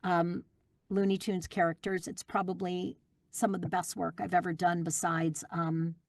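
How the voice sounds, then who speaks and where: A middle-aged woman, a guest voice actress, chatting in an interview and telling lively stories with plenty of fillers. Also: on the low side, moderate pace, no echo. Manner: warm, animated storytelling with fillers. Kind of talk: casual interview chat.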